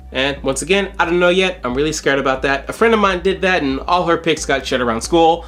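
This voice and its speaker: A man's voice: brisk, few pauses, a bit bright, faint music behind. A young man casually reading out chat logs with sarcastic, mocking asides. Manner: sarcastic, mocking asides with sudden jumps in pitch.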